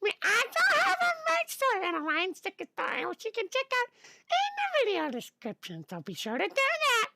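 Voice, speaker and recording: A man voicing a bubbly star-cat mascot, hosting a livestream guessing game with a squealing, drawn-out, bouncy delivery. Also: very high-pitched, wildly swooping pitch, gravelly, pushed and bright, no room sound, voice pushed up, exaggerated voice. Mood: playful. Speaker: streamer.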